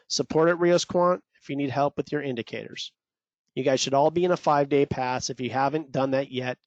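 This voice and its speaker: A trading coach presents a live webinar, addressing viewers directly in a salesy, pumped-up teaching style. His voice is mid-range, and the lo-fi recording has no room sound.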